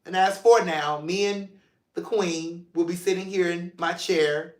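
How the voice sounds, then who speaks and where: A man's voice: high voice, fairly even intonation, measured pace, darkish tone. A man hosting his own mental health show, talking casually and playfully to his viewers from his chair at home. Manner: chatty, playful, affectionate toward viewers. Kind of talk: casual solo vlog talk. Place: seated in a room at home. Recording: roomy, echoey room.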